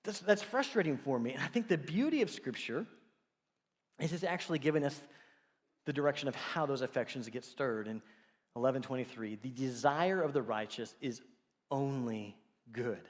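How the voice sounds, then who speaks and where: A man's voice: mid-range voice, normal speed, long reverb tail. A middle-aged man preaching a sermon as pastor, telling stories and acting out the quotes he tells. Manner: animated storytelling, acts out quotes. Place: church sanctuary.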